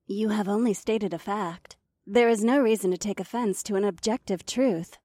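A woman voicing a calm, logical female android who speaks in a precise, emotionless way. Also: medium pitch, normal speed, no echo, clean studio sound, natural voice. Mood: detached.

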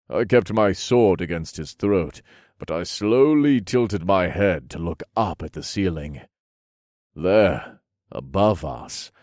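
A man narrating a first-person fantasy audiobook in a measured, steady storytelling manner. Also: low voice, no echo, clean studio sound.

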